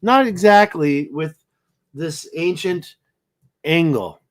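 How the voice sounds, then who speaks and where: A man's voice: on the high side, expressive, takes it slowly. Tired man rambling while browsing photos. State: tired, yawning. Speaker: livestream host. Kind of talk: casual livestream commentary.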